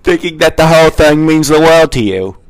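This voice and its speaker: A man reading the part of a calm, reassuring male best friend in a fan story, gentle and upbeat. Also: a little high, fairly quick, no room sound, pitched above the performer's own voice, poor audio.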